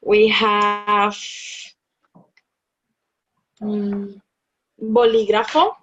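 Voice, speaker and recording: A woman's voice: on the high side, flat delivery, takes it slowly, pauses often. A woman tutoring a Spanish lesson, patiently explaining rules step by step, repeating key words and checking that her student follows. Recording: dull lo-fi sound.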